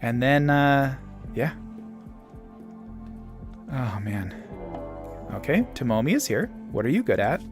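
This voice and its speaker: A man's voice: mid-range voice, very animated, slow pace, long pauses, faint music behind. A young man casually commenting on a strategy game he plays at home, reading game events aloud in a playful way. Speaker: game streamer.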